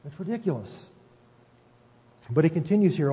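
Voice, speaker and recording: Male pastor, folksy conversational sermon, higher mellow tone; lo-fi reverberant sanctuary recording. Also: normal speed, long pauses. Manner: folksy, asks "right?" often, self-deprecating asides. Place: church sanctuary. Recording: muffled, echoey church hall recording.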